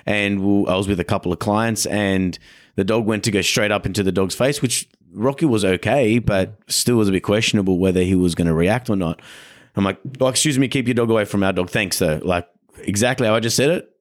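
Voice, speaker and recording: A man's voice: lowish voice, brisk. An Australian man, a dog trainer and podcast host, chatting casually and acting out the people in his stories. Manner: animated storyteller, acts out quotes.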